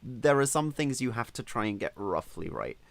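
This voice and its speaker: A man's voice: medium pitch, animated, moderate pace, creaky. A man co-hosting a casual podcast about writing, giving firm opinions and explaining with emphasis. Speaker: podcast co-host.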